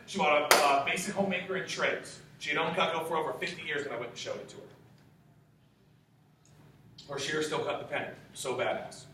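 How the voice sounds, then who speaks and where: Enthusiastic young man in an echoey room. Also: bright, forceful tone. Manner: enthusiastic, high-energy storytelling. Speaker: sales trainer. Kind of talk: motivational talk to a room. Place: meeting room. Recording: echoey room from far off, faint noise.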